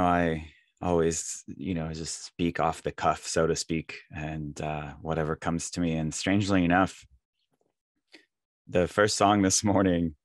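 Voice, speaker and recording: A man's voice: on the low side, no room sound, clean studio sound. A young man giving an off-the-cuff Sunday spiritual talk, conversational, breaking into exasperated quoted voices.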